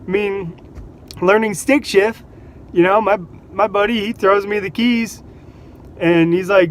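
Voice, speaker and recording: A man with a fairly high voice tells casual stories to the camera. He is animated, laughs often and slips into voices for the people in his stories. There is a faint hum of outdoor traffic behind him. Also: measured pace, pauses often. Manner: animated, laughs between anecdotes, acts out quotes. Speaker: vlogger. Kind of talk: casual storytelling.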